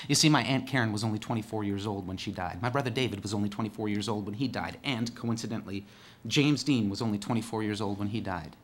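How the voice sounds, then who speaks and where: A man from northern California performing a theatrical storytelling monologue with dark, sardonic humor, moving between hushed, somber delivery and loud, emphatic bursts. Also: lowish voice, quick pace, a little hiss or hum. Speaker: solo stage performer.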